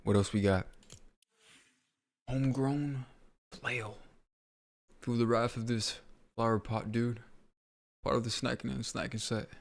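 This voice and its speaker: A man's voice: medium pitch, fairly even intonation, unhurried, gravelly, pauses often. A man streaming a game, reading shop item blurbs aloud in a loose, offhand mumble and reacting in casual slang. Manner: casual slang, easily impressed. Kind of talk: casual livestream commentary.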